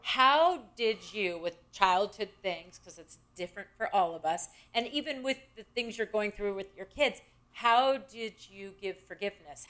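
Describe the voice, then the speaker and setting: A woman's voice: mid-range voice, a bit bright. A woman hosting a casual podcast conversation, thoughtful, asking probing questions and adding her own reflections.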